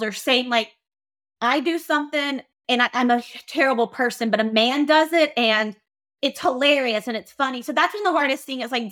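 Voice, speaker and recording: A woman's voice: on the high side, fairly bright tone. A woman hosting a podcast, talking frankly and bluntly, swearing freely. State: emotional. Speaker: podcast host. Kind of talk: casual podcast monologue.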